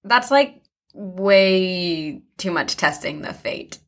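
A young woman co-hosting a podcast, listening and reacting with gasps and quick exclamations. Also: fairly low pitch, expressive. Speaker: podcast co-host. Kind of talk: casual chat.

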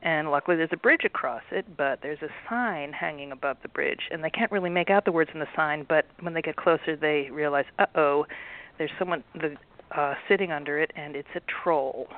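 A man's voice: on the high side, fairly quick. Man reading his book over a phone line. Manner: relaxed, explanatory, storyteller. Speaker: author guest. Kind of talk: radio interview and book reading. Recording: tinny phone-line radio audio.

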